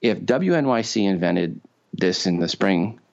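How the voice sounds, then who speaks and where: A man's voice: sits low, animated, measured pace, creaky, a little mellow. A man with a New York accent co-hosting a podcast, chatting casually with repeated words and sarcastic asides. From Long Island, New York. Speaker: podcast co-host. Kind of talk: casual chat. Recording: dull lo-fi sound.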